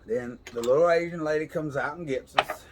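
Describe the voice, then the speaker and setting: A man's voice: on the high side, a little fast, slight background noise. A man casually telling a funny story on a podcast, laughing as he goes. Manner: laid-back drawl, laughs while telling. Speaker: podcast co-host. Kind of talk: casual storytelling over whiskey.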